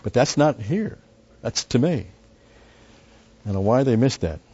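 Medium in pitch, his voice is dark with a breathy edge, expressive and unhurried. The man walks through a Bible passage verse by verse, conversational and full of asides and restarts, pushing hard on key words, all captured in dull lo-fi sound.

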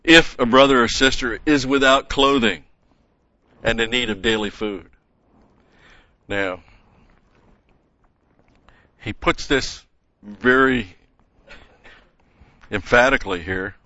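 A man teaching a verse-by-verse Bible lesson, methodical, explaining grammar and pausing with "okay?" and "uh". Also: mid-range voice, sharp tone, no room sound, highs cut off.

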